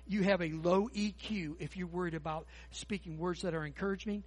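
Husky, high-voiced preacher man. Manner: folksy, animated preaching with quick asides. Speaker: pastor. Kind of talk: sermon. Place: church sanctuary.

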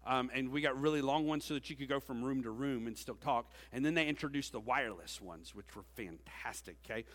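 A man's voice: medium pitch, brisk, a bit bright, in a large hall. A middle-aged man, giving a joking, self-deprecating sermon-style talk to graduating seniors. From Georgia, USA. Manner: joking, self-deprecating, with frequent "okay?" asides. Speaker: teacher and speaker at a senior ceremony. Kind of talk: conversational sermon-style address.

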